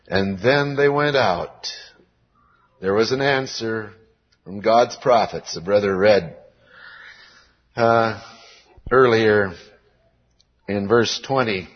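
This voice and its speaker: An American man preaching a sermon to young people in a church hall, reading scripture aloud in a slow, earnest way. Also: on the low side, lively intonation, breathy edge. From United States. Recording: dull lo-fi recording with long hall reverb.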